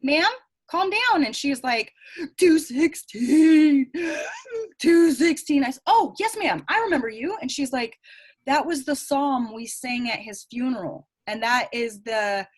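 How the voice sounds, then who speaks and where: A woman with a Southern US accent, a psychic medium guest telling animated stories in a casual interview, acting out the voices she quotes. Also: a little high, normal speed.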